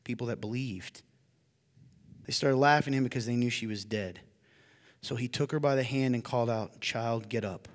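A male pastor preaching a sermon, moving between hushed storytelling and loud, emphatic appeals to the congregation. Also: mid-range voice, moderate pace, in a large hall. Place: church hall.

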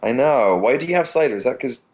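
A man's voice: mid-range voice, fast talker. Ranting man with an English accent. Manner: animated, ranting, swears freely. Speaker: podcast co-host. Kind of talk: casual chat.

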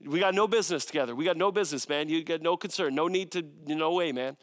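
A man's voice: a little high, fast talker, in a large hall, natural voice. A man playing a nervous small-time hustler who stammers defensive slang.

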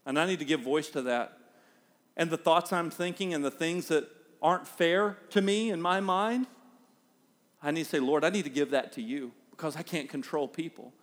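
Animated preacher man, higher voice. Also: normal speed, big-room sound. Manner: animated, acts out everyday scenes in raised voice. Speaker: pastor. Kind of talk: sermon.

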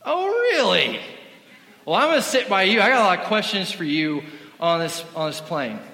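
A loud, tipsy woman in her early sixties, as a man puts her on, nervous and nosy, firing questions in a high, shrill voice. The sound rings through a large, echoing hall. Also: sing-song, normal speed, gravelly, full character voice. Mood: loud and prying.

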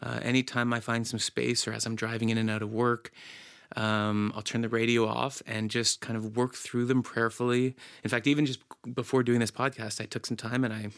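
A man on church staff talking about his prayer life in a relaxed, reflective podcast conversation. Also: mid-range voice, a little fast, dry recording.

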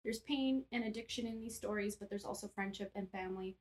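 A woman's voice: medium pitch, fast talker, poor audio. A woman co-hosting a podcast in casual book chat, agreeable and reading book blurbs aloud. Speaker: podcast co-host.

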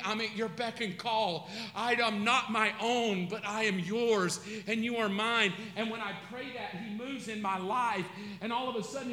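A man preaching a sermon with a high, bright voice. He is passionate and dramatic and acts out his prayers aloud. Long reverb fills the large church hall around him.

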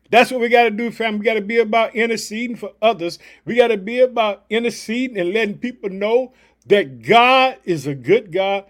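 A man's voice: high voice, brisk. A man preaching a devotional podcast sermon, fired up and emphatic, leaning on repeated catchphrases.

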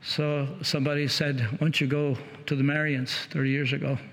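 A man preaching, retelling another man's conversion story in a halting, repetitive way, with many restarts. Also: a little high, flat delivery. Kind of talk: sermon storytelling. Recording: long hall reverb.

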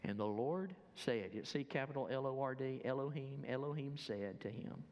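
A man preaching a sermon as a pastor, emphatic and urging, dropping to a hush for prayer. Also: medium pitch, expressive, normal speed, long reverb tail, dull audio. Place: church sanctuary.

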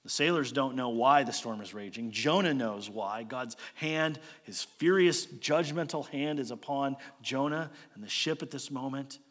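A man preaching a sermon as a storyteller, posing rhetorical questions and moving between loud emphasis and quiet asides. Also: mid-range voice, measured pace, few pauses. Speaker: pastor. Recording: long hall reverb.

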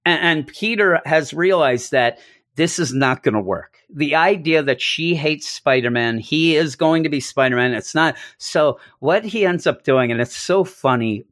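A man co-hosting a casual podcast chat, animated and laughing as he acts out scenes. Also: medium pitch, no echo, studio quality. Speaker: podcast co-host. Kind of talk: casual comic book discussion.

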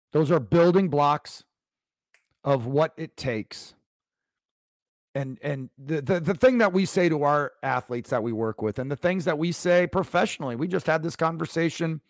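A man's voice: a little high, dry recording. A man talks alone into a close, dry microphone as host of a coaching podcast. His storytelling rambles and restarts, and his voice swings up sharply whenever he stresses a point. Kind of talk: solo podcast monologue.

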